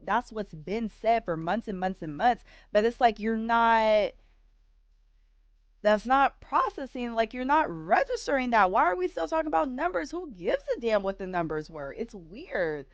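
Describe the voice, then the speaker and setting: A woman host ranting in a casual reaction stream, firing off rhetorical questions and rising to animated outbursts. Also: mid-range voice, dry recording, dull audio.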